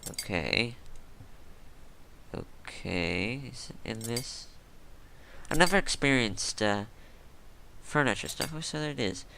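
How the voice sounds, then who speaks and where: A man's voice: medium pitch, animated, slow pace, creaky, pauses often, bright, forceful tone, a little hiss or hum. A man giving casual gameplay commentary, musing and thinking aloud as he plays.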